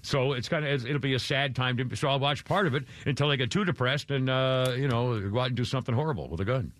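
A man's voice: mid-range voice, fast, fairly bright tone. An older man hosting a talk radio show, rambling through gossip with wry, self-deprecating humor. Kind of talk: casual talk radio chat.

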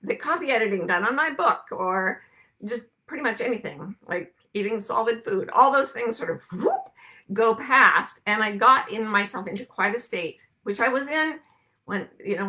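A woman's voice: medium pitch, lively intonation, moderate pace, sharp tone. A woman hosting her weekly broadcast, talking to viewers in a rambling, conversational way with frequent asides. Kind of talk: casual monologue to viewers.

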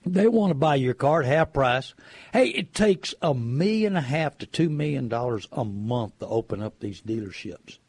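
A man's voice: mid-range voice, animated, normal speed, a little mellow, breathy edge, dry recording. A middle-aged man giving folksy, preachy car-buying advice.

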